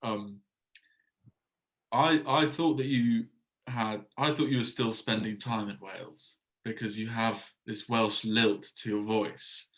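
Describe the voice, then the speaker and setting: A man hosting an interview, asking questions in a thoughtful way with many pauses and fillers. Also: on the low side, fairly even intonation, fairly bright tone, rough recording. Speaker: interviewer host. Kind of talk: conversational interview.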